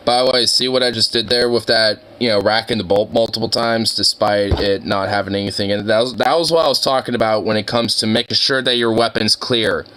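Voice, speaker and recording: A man's voice: lowish voice, steady tone, fairly quick, hardly any pauses, sharp tone, a little hiss or hum. A man chatting casually on a live stream, rowdy and profane, laughing often. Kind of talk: casual chat.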